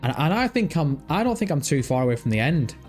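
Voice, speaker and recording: Very animated and fast, this male gaming streamer chats casually and rambles, thinking out loud while reading chat and search results. His fairly high-pitched voice has a darkish tone, with faint music in the background.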